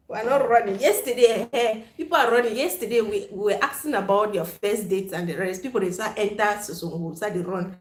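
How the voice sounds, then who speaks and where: Fairly quick with few pauses, this live chat host has a voice on the high side and talks casually with viewers in an echoey space. She laughs often, keeps things frank and playful, and mixes in Pidgin alongside English.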